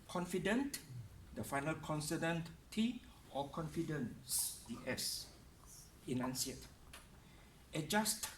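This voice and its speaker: A man giving a pronunciation lesson, slowly stressing each word and sound with care. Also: fairly high pitch, fairly bright tone, reverberant. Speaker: speaking coach. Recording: distant mic with faint room noise.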